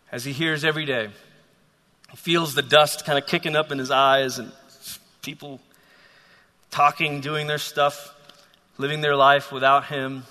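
A man's voice: fairly high pitch, bright, forceful tone. A man preaching a sermon, telling a story animatedly with frequent restarts. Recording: long hall reverb.

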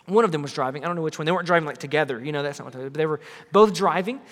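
A man's voice: fairly high pitch, very fast, in a large hall. A young man giving an earnest, conversational youth sermon in a church, talking straight to middle schoolers. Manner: earnest, conversational, builds to shouting. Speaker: youth pastor.

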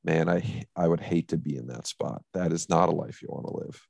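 Very deep-voiced laid-back man. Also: fairly quick, gravelly, a little mellow, no room sound. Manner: laid-back, blunt, swears casually. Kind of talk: casual film review chat.

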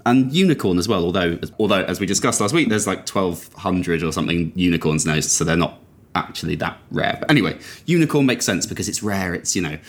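A man's voice: low-pitched, animated, a little fast. Exasperated man ranting on a podcast. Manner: exasperated ranting, incredulous laughing outbursts. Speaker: podcast co-host. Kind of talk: casual chat.

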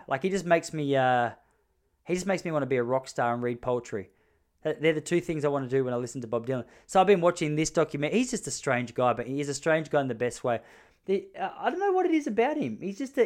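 A man in his thirties hosting a podcast, telling crude stories in a rambling monologue full of restarts. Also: fairly high pitch. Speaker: podcast host. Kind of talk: casual comedic monologue.

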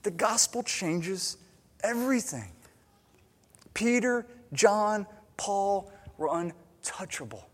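A man preaching a sermon as a pastor, emphatic, swinging between loud urgency and quiet intimacy. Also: high-pitched, animated, slow pace, pauses often. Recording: long hall reverb.

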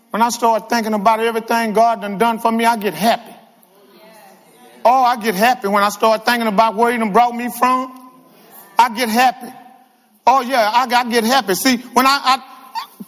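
A high-voiced male guest preacher delivers a lively, humorous sermon, calling out to the congregation. The church sanctuary gives the recording a long hall reverb.

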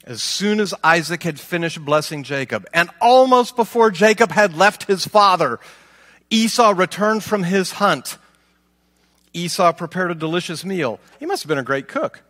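A man's voice: high-pitched, lively intonation, moderate pace, fairly bright tone. Man teaching scripture in an echoing hall. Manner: reads aloud, then asks rhetorical questions. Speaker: Bible teacher. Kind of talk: scripture reading with commentary.

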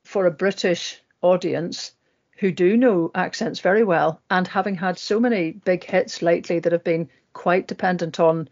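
Chatty co-host on muffled audio. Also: mid-range voice. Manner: chatty, rambling, quick asides. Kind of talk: casual discussion.

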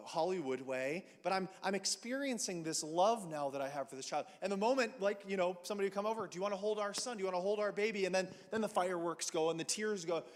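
High-voiced man preaching in a reverberant hall. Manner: storytelling, animated with acted asides. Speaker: pastor. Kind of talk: sermon.

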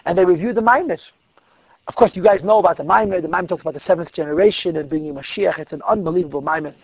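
A man telling a story to a group of girls, vivid and dramatic, dropping to a hush at tense moments, in a dull, dry recording. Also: sits high, racing, gravelly, slightly rough, no room sound. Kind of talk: animated storytelling talk.

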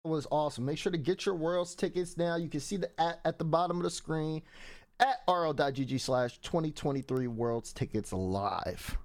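A man's voice: fairly high pitch, moderate pace. A man hosting a casual esports show, reading promos in an upbeat, joking way. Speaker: show host.

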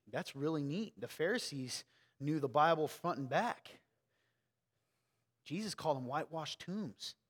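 A man preaching a casual, conversational sermon, swinging between quiet asides and loud emphatic peaks. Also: fairly high pitch, in a large hall. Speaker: pastor.

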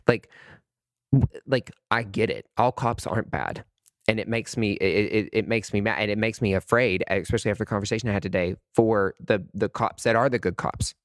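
Podcast host, male, fairly low voice, heated and rambling monologue, dry sound. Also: dry recording. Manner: impassioned, rambling, many restarts and "like"s.

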